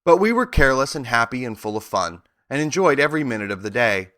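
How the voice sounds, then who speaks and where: The dignified king of the winged monkeys, put on by a man reading aloud, recounting his people's past in a measured, unhurried way. The voice is bright and moves through a lively pitch range. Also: dry recording, studio quality. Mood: storytelling.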